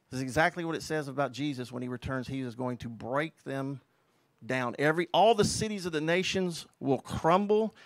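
A man preaching a fiery, emphatic sermon as a pastor and quoting scripture forcefully. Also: medium pitch, brisk, no room sound.

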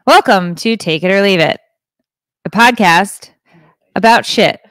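A woman's voice: medium pitch, measured pace, a bit bright, no room sound. Woman podcast cohost at home, drawly chat, swears a lot, dead dry sound. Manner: rambling, laughing, crude joking. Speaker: podcast co-host. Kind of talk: casual chat. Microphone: podcast microphone.

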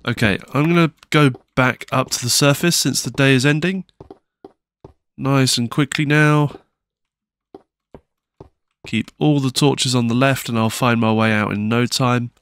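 A man's voice: mid-range voice, a little slow, pauses often, fairly bright tone, smooth. A man giving casual, nervous commentary while playing a video game, with frequent startled exclamations and self-mocking asides. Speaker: gaming channel host.

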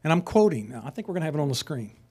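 High-voiced passionate male teacher. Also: sing-song, very fast, dark tone, husky. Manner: passionate, rises to emphatic peaks; conversational asides, chuckles. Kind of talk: sermon teaching.

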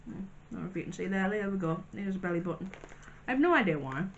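A woman talks through a pile of snacks in a casual vlog, chatty and wry, dropping dry little asides as she goes. Her voice sits at an ordinary middle pitch, and a faint hiss runs under the recording. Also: animated, rapid-fire, lo-fi sound. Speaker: vlogger.

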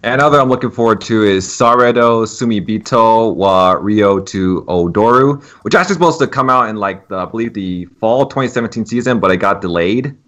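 A man's voice: lowish voice, fairly quick, hardly any pauses, a bit bright. A man chatting casually on a podcast, hesitant and trailing off with fillers. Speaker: podcast guest.

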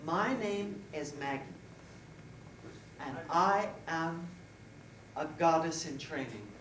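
A woman's voice: sits low, slow pace. A woman performing live on stage as a flustered, giggly female goddess-in-training who chats directly with the audience. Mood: chatty. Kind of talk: live solo theater performance. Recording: echoey live room, distant mic, background noise.

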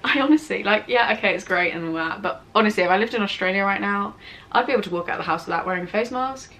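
A teenage English girl talks straight to her camera in a relaxed Q&A vlog. She rambles, giggles and wanders off topic. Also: medium pitch, fast. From England. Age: teens. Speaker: vlogger. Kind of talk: casual Q&A vlog. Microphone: camera mic with ring light setup.

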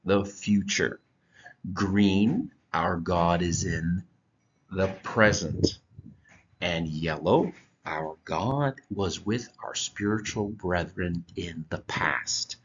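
Male church teacher, low voice, unhurried, walks through slides step by step. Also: slight background noise. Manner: slow, deliberate explaining with halting restarts. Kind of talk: slide-based Bible lesson. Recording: dull lo-fi recording.

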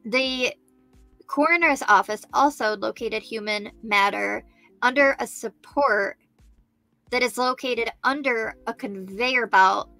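A woman hosting a true crime livestream, reading a news story aloud, thinking out loud and chatting with her viewers by name. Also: a little high, creaky, dry recording. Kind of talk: live-stream chat, reading news aloud.

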